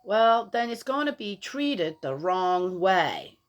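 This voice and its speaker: A woman's voice: medium pitch, sing-song, slow. An older grandmother talking in a casual, rambling monologue, opinionated and exasperated, with restarts and laughs as she tells stories. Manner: chatty, opinionated, exasperated storytelling.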